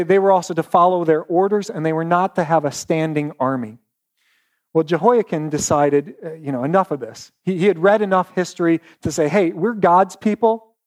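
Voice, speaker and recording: Virginia preacher telling the story casual and animated, kinda high voice, keeps restarting words. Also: male voice. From West Virginia. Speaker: pastor. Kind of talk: sermon.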